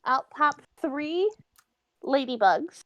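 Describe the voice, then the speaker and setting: A hesitant woman talks through her turn in a tabletop game at an unhurried pace. Her voice sits high and soft, and the recording is dry and close. She sometimes dips into a whisper for her character. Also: animated, no echo, highs cut off. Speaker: player. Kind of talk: tabletop game role-play.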